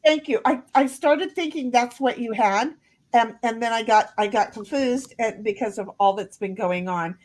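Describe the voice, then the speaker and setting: A woman's voice: a little high, normal speed, darkish tone. A woman hosting a casual livestream from home, reading viewer comments aloud and rambling as she stumbles over repeated words. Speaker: livestream host.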